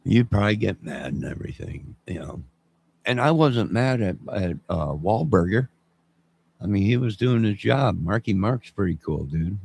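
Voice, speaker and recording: Here a fifty-something host chats on his channel in a meandering, humorous style, reacting to viewer messages as he goes. His fairly low voice is expressive and creaky, a bit mellow with a breathy edge, at a normal speed.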